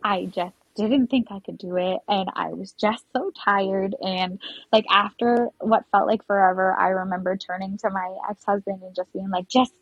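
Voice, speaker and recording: A woman's voice: medium pitch, steady tone, moderate pace, no room sound, dull audio. A woman guest on a podcast, chatting through a personal story with many fillers and frequent laughter. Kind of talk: casual storytelling interview.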